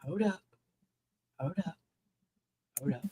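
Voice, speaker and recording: Woman host, livestream commentary: low, loose, off-the-cuff, swears in passing. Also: slow, dark tone, husky. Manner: rambling, chatty, talks straight to viewers, casual swearing. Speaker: livestream host reviewing a trial.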